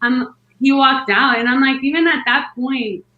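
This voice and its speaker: A woman's voice: high voice, fairly even intonation, moderate pace, echoey room, phone-quality sound. Chatty woman rambling through a story. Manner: rambling, many "like" fillers, acts out quotes. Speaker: podcast guest telling her birth story. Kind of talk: casual storytelling.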